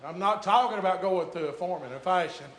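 Male preacher, very high and sharp-toned, shouting sermon, echoey church. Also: a little fast, slight background noise. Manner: shouting, chanting preaching cadence.

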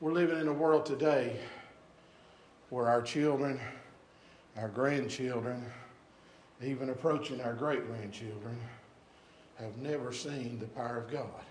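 An older man preaching a sermon in a small church, swinging between shouted exhortation and hushed, drawn-out phrases. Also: mid-range voice, steady tone, a little hiss or hum. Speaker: pastor. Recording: echoey church room, faint congregation.

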